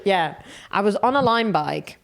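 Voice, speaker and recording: A woman's voice: mid-range voice, unhurried, gravelly. A Dutch woman in her thirties, a comedian co-hosting a casual comedy podcast, telling stories with lots of laughter. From Netherlands. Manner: animated storytelling, laughs often.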